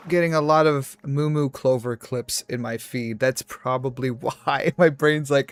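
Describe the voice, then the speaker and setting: A man's voice: mid-range voice, steady tone, unhurried, few pauses, no echo. Rambling young man streaming a game. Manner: rambling, tangent-hopping, self-deprecating. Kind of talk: casual livestream chat while gaming.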